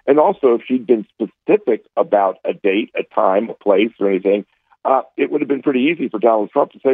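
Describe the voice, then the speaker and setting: A man's voice: mid-range voice, fairly quick, breathy edge, dry recording. Man on a phone line, dry and tinny, combative and scornful political pundit. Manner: combative, scornful, with many fillers and restarts. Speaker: political contributor.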